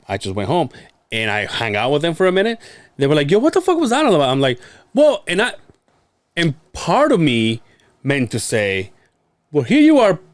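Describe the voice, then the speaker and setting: A man's voice: medium pitch, no echo. A young man from Mexico on a podcast, telling stories in casual chat, laughing often and acting out the voices of the people he quotes. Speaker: podcast co-host.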